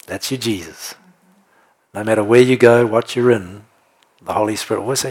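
A man preaching a sermon, animated and playful, often laughing and checking in with the congregation. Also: on the low side, a little fast, husky. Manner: animated, jokey, laughs often, asks the room "right?". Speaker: pastor.

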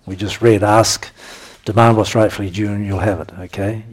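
Husky-voiced man preaching a sermon. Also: fairly low pitch, normal speed. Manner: emphatic, animated bursts with chuckles. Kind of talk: sermon teaching.

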